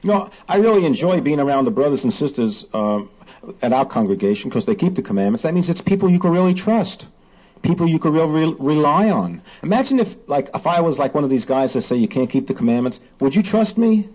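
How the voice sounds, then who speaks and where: Male host, animated and emphatic, a bit husky, muffled lo-fi sound. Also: fairly high pitch. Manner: animated, emphatic, quotes scripture slowly. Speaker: host of a Bible discussion. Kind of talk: casual religious discussion. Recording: dull lo-fi recording.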